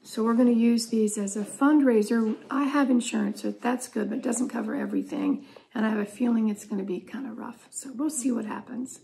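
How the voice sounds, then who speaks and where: An older woman chatting casually with family, an animated storyteller who often laughs. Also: on the high side, fairly quick, creaky, slight background noise, low-quality recording. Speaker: family matriarch in a family chat.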